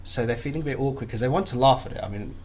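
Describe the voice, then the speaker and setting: A man's voice: mid-range voice, racing, darkish tone, a little hiss or hum. A young man chatting as a podcast guest, self-deprecating and full of restarts. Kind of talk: casual interview chat.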